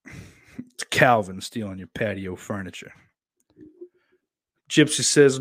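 A man's voice: fairly low pitch, expressive, slow pace, pauses often, no room sound. A man hosting a livestream who swears freely, rambles in a casual way and reads viewer comments aloud. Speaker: livestream host reading chat. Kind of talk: casual chat. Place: indoors, at home.

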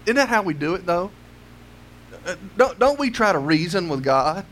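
A man with a strikingly high voice preaches a sermon. He pushes his congregation with question after question and doubles back on his words as he builds each point. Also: very animated, normal speed, a bit bright, slight background noise. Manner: pleading rhetorical questions, repeats words as he builds.

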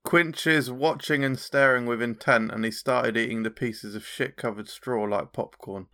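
A man's voice: mid-range voice, fairly even intonation, moderate pace, sharp tone. A man playing in a tabletop game, narrating his character matter-of-factly. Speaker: player. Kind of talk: tabletop role-play chat.

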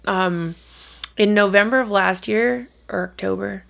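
Woman, middle-aged, gravelly, casual storyteller, podcast co-host. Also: medium pitch, measured pace. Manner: chatty storyteller, swears casually. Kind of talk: casual chat.

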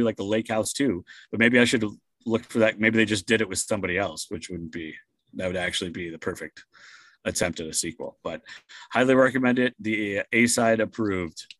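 A man co-hosting a podcast in casual chat, relaxed and joking as he rambles. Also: lowish voice, no room sound. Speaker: podcast co-host.

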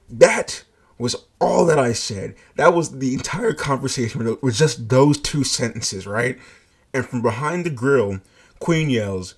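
A man with a husky voice recounts a work story in casual, animated speech. He swears freely and breaks into laughter throughout. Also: medium pitch, normal speed. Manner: animated, profane, laughing asides. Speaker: fast-food shift lead.

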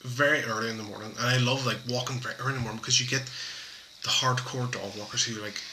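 A man chats casually as a podcast co-host in a mid-range voice. He talks in a relaxed way and often repeats words as he restarts. A steady background noise is clearly audible under him. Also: mid-range voice, fast. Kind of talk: casual chat. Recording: noisy background hiss.

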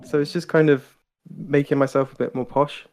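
A man's voice: fairly high pitch, little pitch movement, normal speed, a little mellow, smooth. A British man chatting casually as a guest impressionist, talking with lots of fillers and laughter. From Britain. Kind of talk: casual chat.

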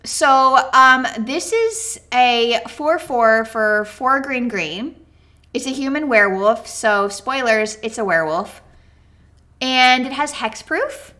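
A woman's voice: a little high, expressive, slow pace, sharp tone. A woman co-hosting a casual card game chat, bubbly and chatty, full of "like" and "um", with a touch of hiccups. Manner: bubbly, chatty, many "like" and "um" fillers. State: has the hiccups. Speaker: card game podcast co-host.

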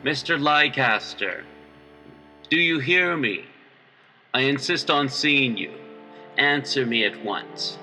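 A stern, grim doctor who makes loud, commanding declarations, as a man reads him aloud. The voice is very bright and sharp. It sits back from the microphone, with faint music underneath. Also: fairly low pitch, steady tone, normal speed, far from the mic.

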